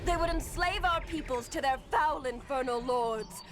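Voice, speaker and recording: A woman voicing a fierce dark elf warrior woman. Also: high voice, normal speed, close to an everyday voice. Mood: vengeful. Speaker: warrior in a game cutscene. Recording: game cutscene with ambient noise.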